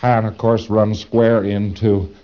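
A man's voice: on the low side, level tone, takes it slowly, highs cut off, a little hiss or hum. A man giving a lecture, speaking dramatically with rhetorical questions and acting out his examples. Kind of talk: recorded lecture.

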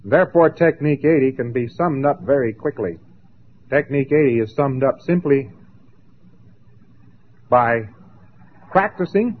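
A man giving a lecture, emphatic and dramatic, with long pauses and mocking asides. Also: medium pitch, breathy edge. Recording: tinny lo-fi old recording.

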